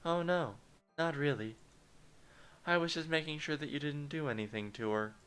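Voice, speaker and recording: A man's voice: a little high, normal speed, a bit bright, clean tone, pitched above the performer's own voice, close to an everyday voice. A man lightly voicing a cheerful teenage schoolgirl who leads a club, with a sweet, reassuring manner.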